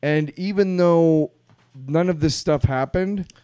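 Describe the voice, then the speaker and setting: A man's voice: fairly high pitch, slow pace, warm tone, clear, resonant tone, no room sound. A man co-hosting a podcast, blunt and profane as he explains things in casual chat. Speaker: podcast co-host.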